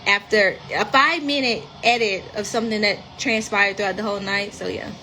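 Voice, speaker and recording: A woman's voice: mid-range voice, a little fast, pushed and bright, a little hiss or hum. A woman with a Mississippi Southern accent chatting frankly on a phone livestream from home, swearing freely. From rural Mississippi, US. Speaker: reality TV cast member. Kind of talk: casual livestream chat.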